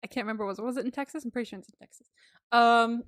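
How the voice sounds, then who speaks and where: Woman podcast co-host, chatty and giggly, slightly high voice, dry booth sound. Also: steady tone, rapid-fire, no room sound. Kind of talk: casual chat recapping a film.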